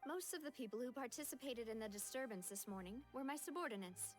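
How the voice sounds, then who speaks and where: A woman playing a poised young leader from a fantasy game, her voice high and steady. She lays out her scheme in a calm, assured way over faint music. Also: quick pace, close to an everyday voice. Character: confident young female gang leader, poised and shrewd. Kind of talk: game cutscene voice acting.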